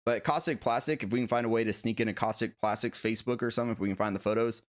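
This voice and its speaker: A man hosting a casual live stream about collectible figures, reading viewer comments aloud and rambling excitedly, with many fillers and self-corrections. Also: medium pitch, racing. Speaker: collectibles channel host.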